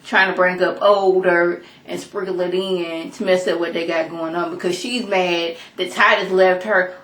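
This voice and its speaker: A woman's voice: on the low side, steady tone, moderate pace, a bit bright. A woman giving a casual, opinionated recap of a TV episode, talking it through with lots of asides. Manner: chatty, opinionated, storytelling with asides. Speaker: TV episode reviewer. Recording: echoey room.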